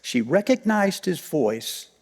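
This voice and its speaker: A male pastor preaching a storytelling sermon, swinging from loud emphasis down to near-whispers and repeating key phrases. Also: high-pitched, very animated, slow pace, breathy edge, big-room sound. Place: church sanctuary.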